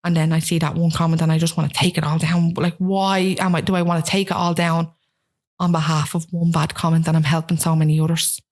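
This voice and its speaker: A woman's voice: sits low, quick pace. A woman in her thirties with a Dublin accent, telling stories in a casual interview chat and acting out what people said. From Ireland. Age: 30s. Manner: animated storytelling, acts out quoted voices. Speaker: guest.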